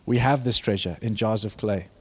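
A young man preaching a sermon, animated and joking with the congregation, building to fervent emphasis. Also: fairly low pitch, moderate pace, slightly rough. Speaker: pastor.

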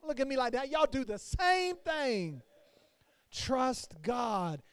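A man, a pastor, preaching a sermon to his congregation with his voice rising and falling in loudness. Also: extremely high pitch, very animated, slow pace, clear, resonant tone, no room sound.

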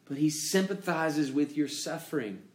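A man preaching a sermon as pastor, emphatic, with dramatic pauses and rising questions. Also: fairly high pitch, expressive, a little mellow, roomy sound.

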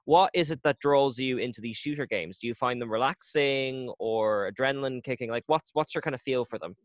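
A man's voice: mid-range voice, a little fast, no room sound. Easygoing male host, dry dull sound. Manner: easygoing, amused, prompting questions. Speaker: podcast host, drama teacher. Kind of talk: casual interview chat.

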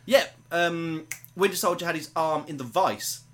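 A man's voice: a little high, moderate pace, fairly bright tone. A man co-hosting a podcast, chatting eagerly about a film and retelling its scenes. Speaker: podcast co-host. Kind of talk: casual film-review chat.

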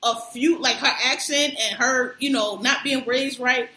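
High bright woman chatting animatedly. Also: measured pace. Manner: animated storyteller, acts out quotes, laughs often. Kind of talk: casual chat. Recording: roomy echo.

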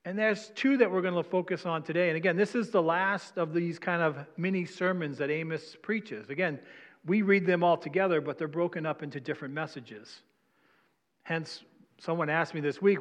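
A pastor preaches a sermon in a church sanctuary, talking conversationally and putting questions to the congregation. His voice is a little high and his speed normal, with long hall reverb on the recording.

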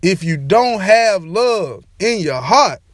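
A young man ranting casually to camera as a sports and entertainment vlogger, slangy and animated, repeating his catchphrases. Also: sits high, slow, no room sound, studio quality. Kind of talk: casual opinion rant to camera.

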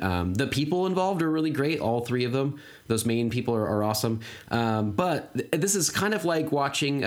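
Guy in his 30s rambling on a podcast, lots of ums and uhs, easygoing chat. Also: mid-range voice. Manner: rambling, many fillers and restarts. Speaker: podcast co-host. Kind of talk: casual chat.

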